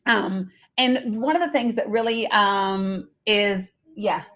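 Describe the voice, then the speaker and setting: A woman's voice: medium pitch, steady tone, slow, fairly bright tone. A woman hosting a casual live stream, talking bluntly with lots of fillers and reading out viewer comments. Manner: chatty, blunt, with frequent fillers; reads viewer comments aloud and talks to her kids mid-stream.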